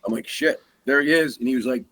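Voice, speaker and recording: A man's voice: mid-range voice, quick pace. A man, a guest hunter, telling a story in a casual way and acting out the sounds and the dialogue. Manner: animated, acts out sounds and quoted dialogue.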